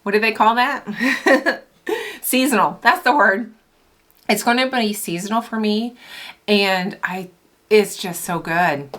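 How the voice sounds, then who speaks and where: A woman's voice: mid-range voice, takes it slowly, pauses often, fairly bright tone. A middle-aged woman who runs a small soap and candle business, chatting enthusiastically about her favorite fragrance oils. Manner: chatty and enthusiastic, with laughs and asides. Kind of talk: casual product vlog.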